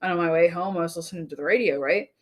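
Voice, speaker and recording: A woman's voice: lowish voice, rapid-fire. A woman in her twenties co-hosting a podcast, chatting casually and bluntly, with casual swearing. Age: 20s. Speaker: podcast co-host. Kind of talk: casual chat.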